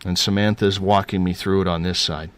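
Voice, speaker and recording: Earnest low-voiced man telling a ghost story. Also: level tone, fairly quick. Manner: rambling, earnest, repeats himself, casual slang. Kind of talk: personal paranormal storytelling.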